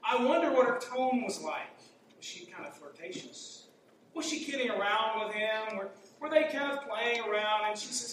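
A man's voice: sits high, lively intonation, fairly quick, fairly bright tone. A man preaching a sermon in a conversational way, asking his listeners rhetorical questions. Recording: echoey hall, mic far off, faint hum.

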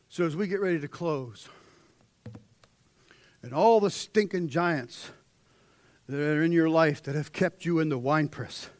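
A middle-aged man preaching a sermon, swinging from shouted peaks down to hushed, almost whispered lines. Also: fairly high pitch, dry recording.

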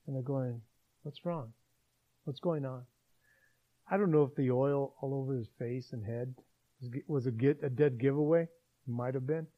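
Lively male preacher, dull lo-fi sound. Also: mid-range voice. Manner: animated storyteller acting out scenes. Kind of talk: sermon retelling a Bible story.

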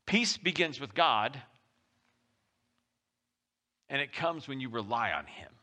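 A male pastor giving a conversational sermon, swinging between loud pushes and soft drops. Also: medium pitch, expressive, slow pace. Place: church.

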